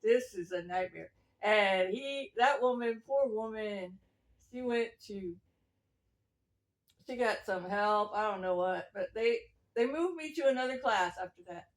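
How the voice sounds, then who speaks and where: High-voiced rambling preacher woman. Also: measured pace. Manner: meandering, preachy, chuckles between thoughts. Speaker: self-styled prophet. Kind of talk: rambling religious testimony.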